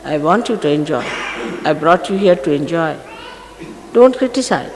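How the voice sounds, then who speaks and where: A woman's voice: low-pitched, animated, moderate pace, a little mellow. A woman spiritual teacher giving a stern, scolding talk to her followers, recorded in a large hall. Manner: stern and admonishing, emphatic. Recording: echoey archive recording from a hall, faint noise.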